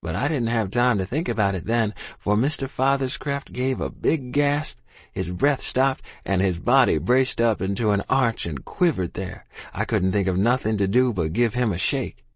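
Male narrator, low and a bit husky, folksy first-person audiobook telling, dry close mic. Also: moderate pace, no room sound. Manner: plain folksy first-person telling in a boy's rural dialect.

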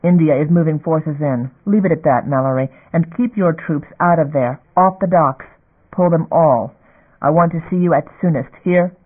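A man's voice: fairly high pitch, moderate pace, close to an everyday voice. A man reading the part of a stern senior fleet commander who speaks curtly and makes demands. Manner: curt, demanding. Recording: phone-like narrow band.

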